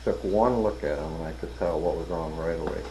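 A man's voice: sits low, a little fast, noisy background. An older man casually telling work anecdotes, acting out the people he quotes and laughing at his own punchlines. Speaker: interviewee telling stories. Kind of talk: casual storytelling.

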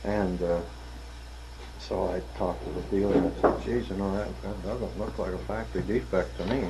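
A man's voice: sits low, fairly even intonation, normal speed, very noisy. An older man casually telling work anecdotes, acting out the people he quotes and laughing at his own punchlines. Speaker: interviewee telling stories. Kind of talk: casual storytelling.

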